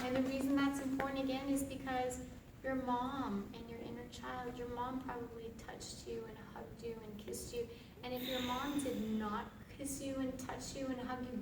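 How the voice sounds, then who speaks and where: Woman teaching laughter yoga live, high-ish voice, picked up from a distance with noise behind. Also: flat delivery, normal speed. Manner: playful, laughs often, chants gibberish sounds. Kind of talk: live group demonstration. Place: large room with an audience. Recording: echoey room from far off, noisy.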